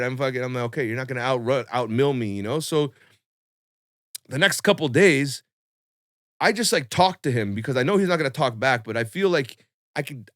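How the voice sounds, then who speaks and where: A young man telling a long personal story on a podcast in a casual, animated way, full of swearing and fillers. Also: mid-range voice, no echo, studio quality. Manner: animated, swearing, lots of fillers, acts out quotes.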